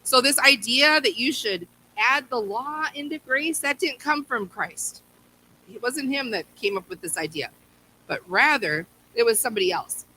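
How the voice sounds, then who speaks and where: Casual church Bible teacher, woman, bright and slightly high voice, faint background noise. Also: expressive, moderate pace, rough recording. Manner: conversational, repeats words and restarts.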